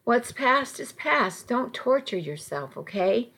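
A woman reading the lines of an apologetic, defensive middle-aged husband in an audiobook, in a soft, even voice. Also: a little high, slow, vocal fry, slightly rough, heavily acted.

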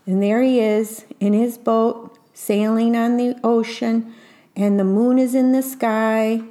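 A woman reading a picture book aloud slowly, pausing to describe each illustration in a gentle storytime manner. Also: fairly high pitch, fairly even intonation. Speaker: reader.

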